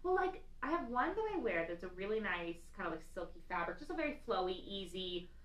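A chatty woman talking casually about fashion, laughing often and saying "like" between phrases. Her voice sits at an everyday pitch and is picked up from a few steps away, so a room echo hangs around it. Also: very animated, fast, a bit bright. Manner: chatty, laughing storyteller, lots of "like". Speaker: co-host. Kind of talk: casual chat. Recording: roomy sound from a distant mic.

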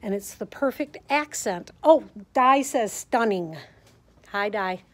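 A woman's voice: mid-range voice, expressive, slow pace. A woman with a Midwestern American accent, a quilting teacher chatting casually as she walks viewers through a classroom show of quilts. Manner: chatty, enthusiastic, talks to viewers while filming. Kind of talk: casual show-and-tell walkthrough. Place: sewing center classroom.

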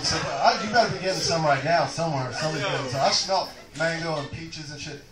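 A man's voice: on the high side, fast, over loud music. A man doing a rambling, profane stand-up set in a comedy club. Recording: echoey club, taped from far off.

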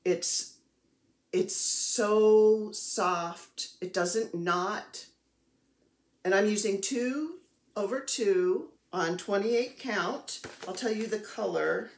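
A woman's voice: mid-range voice, takes it slowly, creaky. Chatty woman in an echoey room. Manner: chatty, self-deprecating, gushing over crafts. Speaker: cross-stitch vlogger. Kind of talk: casual chatty show-and-tell.

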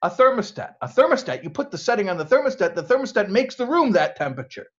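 A rabbi with an American accent gives a conversational lecture to students, drawing them in with rhetorical questions, in a slightly muffled recording. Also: male voice, high-pitched, sing-song, quick pace, a bit bright. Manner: engaging, asks rhetorical questions.

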